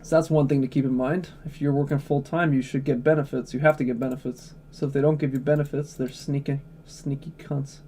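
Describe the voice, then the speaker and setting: A man's voice: medium pitch, little pitch movement, brisk, few pauses, warm tone, slight background noise. A man chatting casually on a livestream, blunt, opinionated and profane, answering chat questions.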